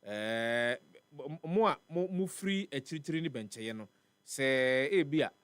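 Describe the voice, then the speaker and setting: Over a faint music bed, a Ghanaian-accented man runs a live morning radio show at normal speed, his medium-pitched voice lively in intonation and fairly bright. The tone is clean with no echo as he covers weather and traffic, chats, and repeats words to stress them.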